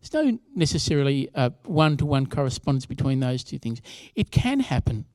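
A man's voice: mid-range voice, very animated, moderate pace, darkish tone, no echo. A younger man preaching a sermon in a conversational way, with asides to the congregation. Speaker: pastor.

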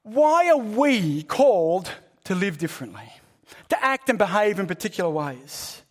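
High-voiced preacher, emphatic. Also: male voice, sing-song, measured pace. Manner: emphatic, with swings between loud and hushed; repeats phrases for rhythm and emphasis. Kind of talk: sermon.

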